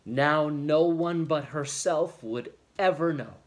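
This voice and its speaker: A man reading a novel chapter aloud in a steady, expressive storytelling manner. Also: on the high side, takes it slowly. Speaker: audiobook reader.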